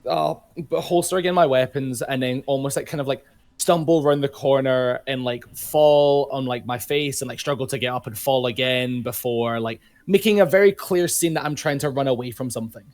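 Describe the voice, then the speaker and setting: A man's voice: medium pitch, a little fast. A man playing a tabletop game, describing his moves in a chatty, hesitant way. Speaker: player. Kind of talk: casual tabletop play.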